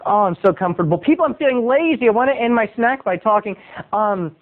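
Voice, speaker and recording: A man, a video blogger, telling a story in a chatty, animated monologue from his bed at home. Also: high-pitched, fast. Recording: tinny phone-like sound.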